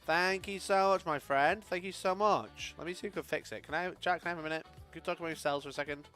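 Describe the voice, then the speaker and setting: A man's voice: fairly high pitch, quick pace, soft background music. A young man from Sheffield, chatting casually to his live-stream audience, swearing freely and laughing often. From Sheffield, England. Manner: sweary, laughs often, swings loud and quiet.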